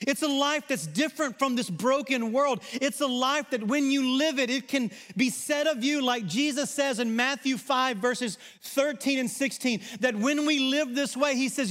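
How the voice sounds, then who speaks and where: A man from Arkansas with a Southern accent, preaching a sermon in a conversational style that swings between loud emphasis and quiet asides. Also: very high voice. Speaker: pastor. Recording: long reverb of a large hall.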